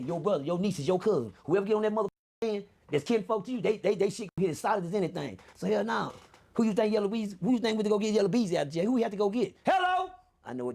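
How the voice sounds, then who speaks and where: A man's voice: sits high, gravelly, darkish tone. A man telling profane street stories in a casual stream, acting out the voices of people he quotes. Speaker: livestream host telling stories to chat. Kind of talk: casual storytelling.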